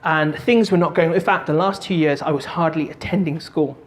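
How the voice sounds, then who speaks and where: A man giving a motivational talk, telling a story in an animated, jokey way and doing voices. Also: on the high side, normal speed. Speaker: motivational speaker and stand-up comic.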